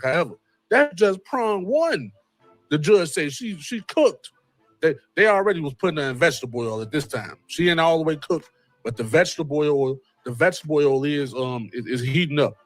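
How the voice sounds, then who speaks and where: A man hosting a casual commentary show, animated and wry, with a repeated catchphrase and joking asides. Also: fairly high pitch, brisk. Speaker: host. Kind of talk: casual commentary on a court case.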